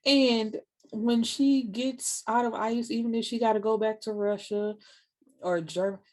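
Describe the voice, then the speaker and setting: A young woman giving a casual spoken review of a TV show, blunt and animated, swearing freely and talking straight to her viewers. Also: medium pitch, moderate pace. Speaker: book and TV reviewer.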